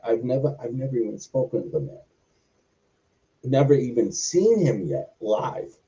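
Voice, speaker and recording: A wrestler telling a long backstage story in an interview, rambling with many fillers. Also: male voice, mid-range voice, sing-song, unhurried, long pauses, mellow. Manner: rambling, filler-heavy anecdotes. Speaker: wrestler guest. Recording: muffled lo-fi recording.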